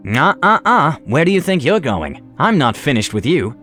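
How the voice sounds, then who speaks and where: A sneering male wizard villain gloats over his victims, voiced by a man. His voice sits a little raised and moves in lively swings, sliding into low, menacing murmurs. It suits a narrated fantasy tale. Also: moderate pace, faint music behind. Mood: gloating.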